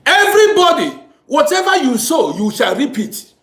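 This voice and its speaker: Male commentator, preachy and repetitive, lively delivery, roomy echo. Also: very high-pitched, normal speed. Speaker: social commentator. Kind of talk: impassioned moral monologue.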